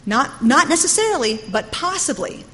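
A woman's voice: high-pitched, very animated, moderate pace, bright, forceful tone, a little hiss or hum. A middle-aged woman teaching a sermon in an earnest, conversational way, often saying "you know". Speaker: Bible teacher. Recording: long hall reverb with faint ambience.

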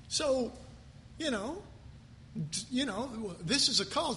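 An American male pastor preaches a sermon in a church hall, his high, animated voice ringing with long reverb over a faint hum. He speaks extremely slowly with frequent pauses, asking the congregation questions and acting out the voices of the people he describes.

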